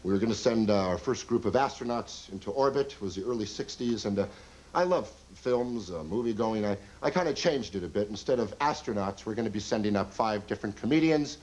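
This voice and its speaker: A man performing a wry, deadpan stand-up routine on a TV show in front of a live studio audience. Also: on the low side, fairly quick, low-quality recording. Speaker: stand-up comedian. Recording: old TV tape, audience noise.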